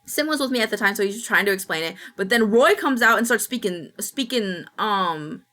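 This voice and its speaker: A woman's voice: mid-range voice, expressive, brisk, bright, forceful tone. A woman streamer chatting casually with her viewers, telling rambling stories and swearing casually. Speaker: Twitch streamer.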